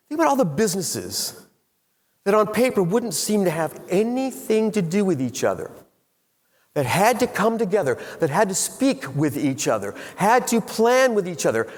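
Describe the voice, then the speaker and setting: Middle-aged man, keynote speaker, lively swooping pitch, quizzes the crowd, long hall reverb. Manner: animated storyteller who quizzes the audience. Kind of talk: motivational keynote speech. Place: large hall with a live audience.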